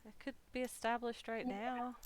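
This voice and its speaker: A woman's voice: a little high, flat delivery, moderate pace, no echo. A woman playing a tabletop game, bantering in a playful, jokey way. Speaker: player. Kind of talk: casual tabletop role-play.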